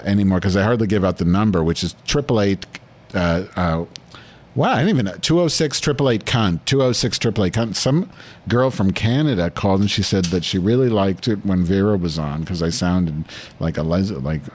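Foul-mouthed low-voiced man ranting. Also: normal speed, darkish tone. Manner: foul-mouthed, abrasive, mock-insulting. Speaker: podcast host. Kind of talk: crude profane call-in chat.

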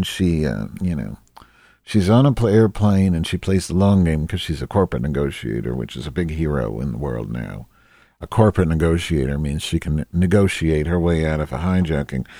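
A crude, self-mocking woman, as a man plays her rambles through a solo comedy monologue, losing her thread and filling gaps as she goes. The voice sits very low and dark. It is dry and close, with no room sound. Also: no room sound, exaggerated voice. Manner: rambling, distracted, loses track with many fillers.

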